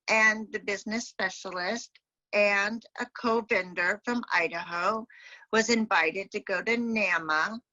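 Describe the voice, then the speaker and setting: A woman, a deafblind entrepreneur, giving a convention talk with animated storytelling and voiced quotes. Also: medium pitch, dry recording, muffled recording. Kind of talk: storytelling speech. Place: home, remote convention talk.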